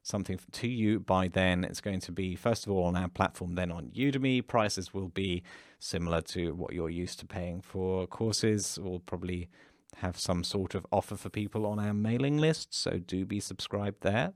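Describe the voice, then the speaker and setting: A man from England, co-hosting a casual livestream Q&A, answering viewer questions in a relaxed, explanatory way with dry humor. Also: sits low, normal speed, hardly any pauses, no echo. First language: English. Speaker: course creator and co-host.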